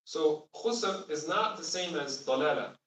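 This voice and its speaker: A man's voice: on the high side, animated, a little slow, a bit bright. A man teaching a class on the Arabic of the Quran, explaining patiently and asking the students questions. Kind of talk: classroom lesson. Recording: roomy sound from far off.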